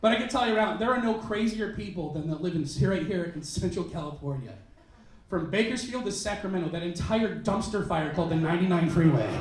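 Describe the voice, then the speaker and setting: A man performing a stand-up comedy set on a club stage, acting out characters in quick bits. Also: high voice, heavy reverb, distant mic, a little hiss or hum. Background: audience laughter.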